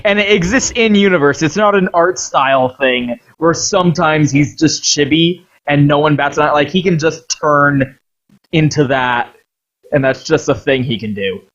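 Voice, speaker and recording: A man's voice: on the high side, normal speed, a bit bright, lo-fi sound. A man giving casual, sarcastic and profane commentary while playing a video game. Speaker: let's play host.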